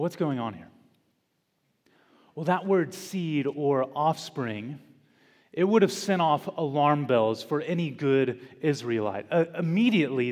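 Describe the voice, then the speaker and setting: A man preaching a sermon as pastor in a church, slow and deliberate, with dramatic pauses and emphatic repetition. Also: on the high side. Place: church sanctuary. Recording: long church reverb.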